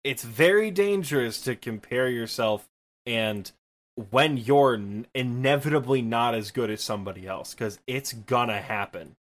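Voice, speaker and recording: Chatty Midwestern man, rambling podcast talk. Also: medium pitch. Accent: Midwestern Michigan. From Michigan, US. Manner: rambling, self-deprecating, quick laughs. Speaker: podcast co-host and streamer. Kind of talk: casual gaming podcast chat. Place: apartment.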